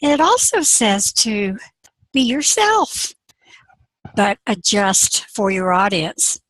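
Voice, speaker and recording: Unhurried chatty woman storyteller. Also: medium pitch, dry recording, rough recording. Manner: chatty, conversational, lively. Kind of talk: spoken storytelling talk.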